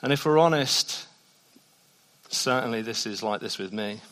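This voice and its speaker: A man preaching a sermon in a church, shifting between soft, hushed passages and loud, emphatic ones. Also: mid-range voice, measured pace. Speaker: pastor. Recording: long reverb of a church hall.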